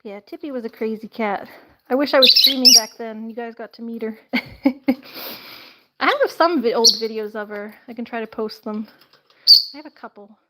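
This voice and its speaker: A fairly high-pitched woman chats on a casual live stream, laughing often and slipping into baby talk with her birds. The recording carries clear background noise and bird chirps. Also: normal speed, pauses often.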